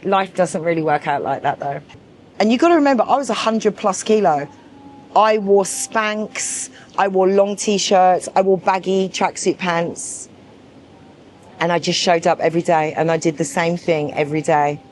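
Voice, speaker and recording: A woman's voice: on the low side, moderate pace, darkish tone, slight background noise. A woman in her forties giving candid personal testimony in a documentary, frank and emphatic, repeating herself for weight and swearing freely. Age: 40s. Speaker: documentary subject.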